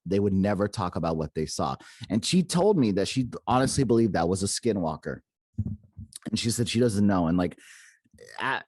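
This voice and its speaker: A man's voice: on the low side, a little mellow, no echo. A man hosting a paranormal podcast, casually retelling a secondhand encounter and quoting the people in it, with lots of "like" and "okay?". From Arizona. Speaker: podcast host. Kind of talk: casual storytelling.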